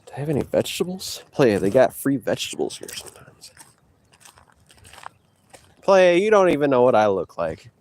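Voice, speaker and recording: A man out walking vlogs on a handheld phone, boastfully taunting a rival between breaths in trash-talk style. His medium-pitched voice is sing-song and darkish, at a moderate pace with long pauses.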